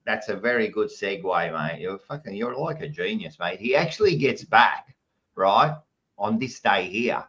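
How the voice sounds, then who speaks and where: A man's voice: on the low side, lively intonation, normal speed, fairly bright tone, lo-fi sound. A man with an Australian accent hosting a casual football podcast, brash and swearing in banter. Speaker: podcast host. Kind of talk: casual footy chat and plugs.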